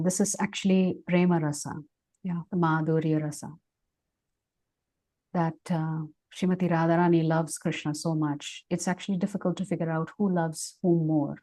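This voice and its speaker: Brief: woman devotional speaker on a video call, mellow tone, animated storytelling. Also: low voice. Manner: animated storytelling, then slower reflective teaching. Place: online class session.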